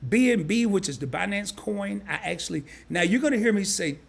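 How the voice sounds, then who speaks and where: A man's voice: sits high, lively intonation, fairly quick, vocal fry. A man hosting a live stream, casually breaking things down step by step and often repeating himself. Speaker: crypto live stream host. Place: home setup, sharing his screen.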